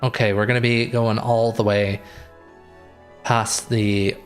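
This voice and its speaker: A man's voice: lowish voice, flat delivery, slow pace, soft background music. Man, streamer, wry and offhand, casual gameplay commentary.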